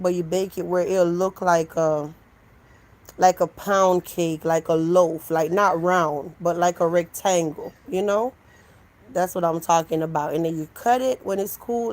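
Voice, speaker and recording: A woman's voice: fairly low pitch, poor audio. A woman, a live stream host from Jamaica, chatting casually with her viewers and answering their messages. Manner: animated, talks back to chat, switches into mocking voices.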